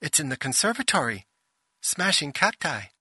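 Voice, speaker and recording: A man's voice: fairly high pitch, sing-song, moderate pace, pushed and bright, breathy edge, no room sound, pitched above the performer's own voice, heavily acted. A man voicing a female starship intelligence, formal, precise and fretful. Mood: alarmed.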